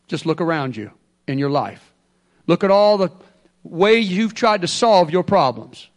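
A man preaching an emphatic sermon and calling on the congregation to respond. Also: high voice.

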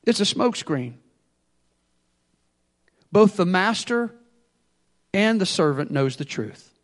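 A man preaching a sermon with energy, swinging between loud bursts and quiet asides to the congregation. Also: sits high, slow. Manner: energetic preaching, acts out excuses in quotes. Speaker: pastor.

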